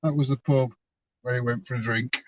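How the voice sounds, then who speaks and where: A man's voice: mid-range voice, steady tone, fairly quick. A man chatting casually while he drives, teasing with dry, offhand remarks. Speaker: driver, co-presenter. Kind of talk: casual chat while driving. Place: inside a moving car at night.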